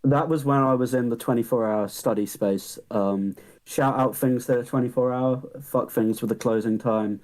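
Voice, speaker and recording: A man's voice: medium pitch, fairly even intonation, normal speed, a little mellow, low-quality recording. Rambling young male podcast co-host. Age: young adult. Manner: rambling, hesitant, lots of fillers and swearing. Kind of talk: casual podcast chat.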